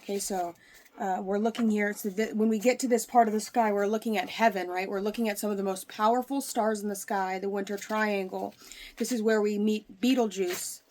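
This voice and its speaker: A woman's voice: mid-range voice, fairly even intonation, brisk, darkish tone, a little hiss or hum. A woman with a mid-range voice gives a casual tarot reading to camera. She explains in a loose, rambling way, often stopping and restarting her sentences. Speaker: tarot reader.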